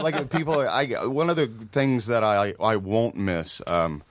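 A middle-aged man talking as a guest in a casual podcast chat, wry and self-deprecating, often pausing and restarting his sentences. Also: lowish voice, dry recording. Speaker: actor guest.

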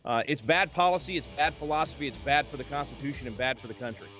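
Fast, emphatic man on a video call. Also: a little high, fairly bright tone, faint music behind. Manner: emphatic, argumentative. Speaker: guest commentator. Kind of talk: political commentary. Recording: dull, dry video call audio.

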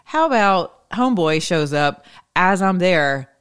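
A woman's voice: lowish voice, animated, a little slow, clear, resonant tone. A woman giving a rambling, chatty faith talk, laughing often. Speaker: faith vlogger.

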